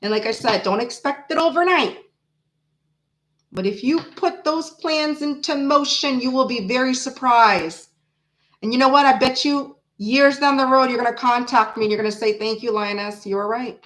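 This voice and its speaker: A woman in her forties hosting a casual tarot livestream, chatting with viewers in an animated, blunt way, swearing freely and laughing often. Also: high voice, moderate pace, low-quality recording. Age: 40s. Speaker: tarot reader host.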